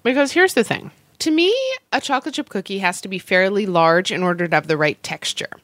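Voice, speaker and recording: A woman in her thirties co-hosts a relaxed food conversation, chatting while she eats. Her voice sits at an ordinary middle pitch. The sound is dry and close, with no room echo. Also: brisk. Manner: chatty, eating while talking. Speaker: co-host. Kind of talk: casual food chat.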